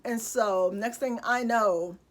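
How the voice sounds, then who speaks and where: A woman's voice: on the high side, slow pace. A young adult woman vlogger telling a personal story in a casual, candid way, with lots of fillers and asides.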